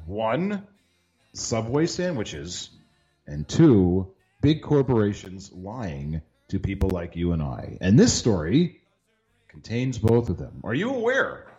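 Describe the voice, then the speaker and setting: A man's voice: on the low side, wildly swooping pitch, takes it slowly, warm tone, highs cut off, soft background music. A man hosting a podcast, joking in a dry, sarcastic way in casual chat. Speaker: podcast host.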